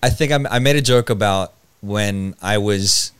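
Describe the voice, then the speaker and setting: Man chatting on a podcast, dry close sound, rambling animated storyteller. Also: lowish voice, normal speed, smooth, no room sound. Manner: animated storyteller who acts out quotes, rambling with restarts. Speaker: podcast host, stand-up comedian. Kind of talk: casual chat.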